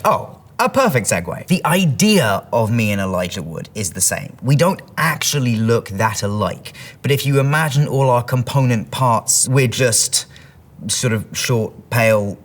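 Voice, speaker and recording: A man's voice: on the low side, lively intonation. Chatty London man in his thirties. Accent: London English. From England. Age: 30s. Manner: chatty, self-deprecating, quick asides. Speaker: actor answering interview questions. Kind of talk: casual interview answers, reading questions aloud.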